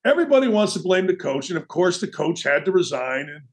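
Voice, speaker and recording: A man's voice: high voice, quick pace. A man hosting a sports talk show, delivering a brash, opinionated monologue with mocking asides. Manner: brash, animated, mocking asides and quoted voices.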